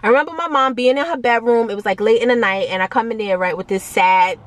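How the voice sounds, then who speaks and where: Animated woman telling a story to camera. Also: fast talker. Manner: animated storytelling, acts out quoted voices in a higher pitch; frequent fillers and asides to viewers. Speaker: vlogger. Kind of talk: casual storytime vlog.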